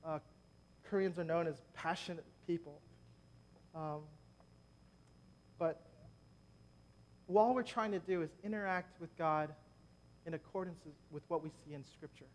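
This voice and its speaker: Speaking in a fairly high voice, a man takes his time and pauses often as he preaches. He leads prayer at a church gathering, keeping the sermon conversational and sprinkling in jokes for the congregation.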